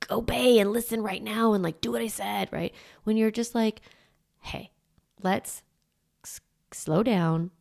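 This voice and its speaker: A middle-aged woman hosting a parenting podcast, teaching in a chatty way full of "like" and quick restarts. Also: medium pitch, vocal fry. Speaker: parenting coach and podcast host. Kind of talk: casual solo podcast teaching.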